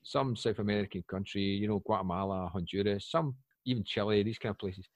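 Lively Scottish man with a low voice. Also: fairly quick, no echo. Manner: animated storyteller, bursts up loudly for asides. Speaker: guest. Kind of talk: casual podcast chat.

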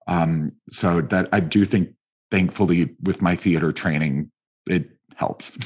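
A man speaks as a guest in an interview, his voice sitting very low. There is a husky grain to it as he tells his stories with lively energy, slipping into the voices of the people he quotes. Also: slow. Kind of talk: conversational interview storytelling.

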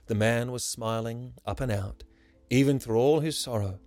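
A man narrating a rhyming story in a measured, lyrical way. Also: medium pitch, a little mellow. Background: faint music.

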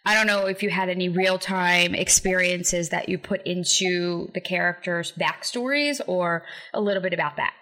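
A woman's voice: fairly low pitch, moderate pace, few pauses, bright, forceful tone. A woman hosting a podcast interview, chatty and giggly, with lots of fillers. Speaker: podcast host. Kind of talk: casual interview chat.

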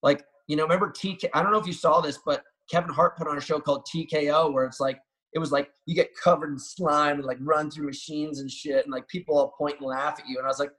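A man and professional athlete talking as a guest on a casual podcast, telling animated, swearing, boastful stories. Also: fairly high pitch, quick pace, poor audio. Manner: animated, profane, boastful storytelling.

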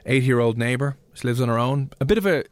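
Man, casual chat, mid pitch, dry room, filler-laden storytelling. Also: dry recording. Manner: relaxed anecdote-telling with filler pauses.

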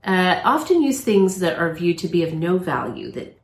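A woman's voice: on the low side, sing-song, normal speed, echoey room. A woman co-hosting a talk show, upbeat as she reads out her notes. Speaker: co-host. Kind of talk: casual banter.

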